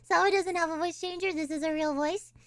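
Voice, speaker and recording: A woman's voice: extremely high pitch, steady tone, brisk, a bit bright, slight background noise. A woman streamer in casual live-stream chat, rambling and giggling, often restarting her sentences.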